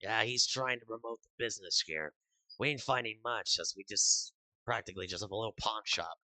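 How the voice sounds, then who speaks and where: A very old, wrinkly alien shopkeeper who drawls casually about his little pawn shop, as a man puts him on. The voice is bright and sits right on a dry mic. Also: lowish voice, fairly quick, no room sound.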